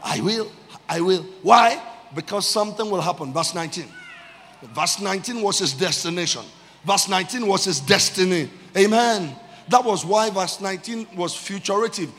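A man preaching a sermon, calling out to the congregation and stretching key phrases with loud emphasis. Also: sits high, a little fast, big-room sound. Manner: call-and-response with the congregation. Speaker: pastor. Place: church.

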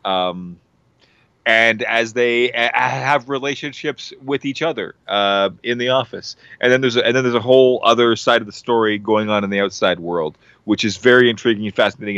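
Low-voiced guy rambling excitedly, lots of ums, dry dull-sounding recording. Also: no room sound. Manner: rambling, enthusiastic, many fillers and restarts. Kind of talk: casual show recommendation.

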